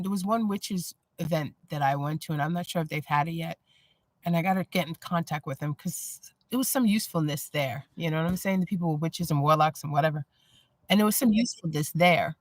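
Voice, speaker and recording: A woman chatting casually on a live stream, blunt and animated, often breaking into laughter. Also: fairly low pitch, no room sound. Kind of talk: casual chat.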